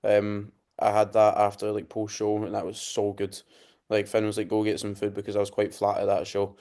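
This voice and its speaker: A man's voice: lowish voice, completely flat delivery, moderate pace, warm tone. A young man, co-hosting a casual podcast and telling stories with swearing and laughter. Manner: chatty storyteller, swears, laughs often. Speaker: podcast co-host, coach.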